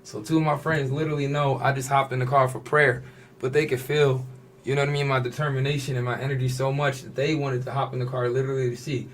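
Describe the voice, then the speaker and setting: A man in the middle of his pitch range tells a long personal story with relaxed street slang. He keeps the tale moving by slipping into the voices of the people in it. A faint hiss sits under his talk. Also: fast. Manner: animated storyteller, slips into quoted voices, casual slang. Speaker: fashion designer, podcast guest.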